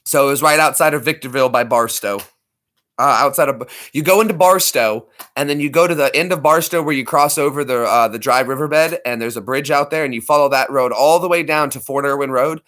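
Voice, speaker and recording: A man's voice: mid-range voice, fairly quick, a bit bright. A man in his thirties hosting a livestream, rambling and joking as he answers chat. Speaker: livestream host.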